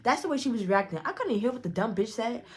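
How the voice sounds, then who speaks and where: A young woman tells a story straight to the camera in a casual vlog. Her talk is fast, profane and animated, in a fairly high voice.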